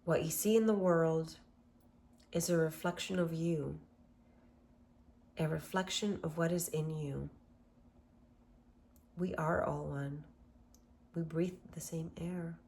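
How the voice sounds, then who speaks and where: A woman hosting a self-love workshop, leading a guided meditation with gentle, affirming words in a calm manner. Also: sits low, creaky, slight background noise.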